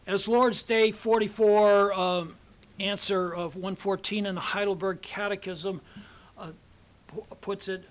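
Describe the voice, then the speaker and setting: An older man, a seminary professor, giving a measured, deliberate theology lecture with frequent pauses. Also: high voice, steady tone. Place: seminar hall.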